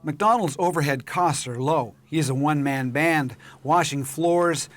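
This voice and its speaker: A man narrating a local television documentary in a measured, clear storytelling voice. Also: fairly high pitch. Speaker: program narrator and host.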